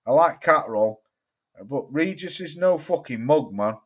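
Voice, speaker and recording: A man's voice: a little high, animated, moderate pace. A man with a London accent hosting a casual live stream about boxing, answering viewers and swearing freely as he gives his opinions. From England. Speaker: boxing channel host.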